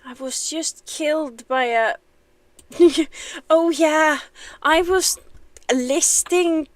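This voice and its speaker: A woman's voice: high voice, drawn-out words, dry recording. A young woman casually chatting on a game livestream, self-deprecating and laughing often. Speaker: game streamer.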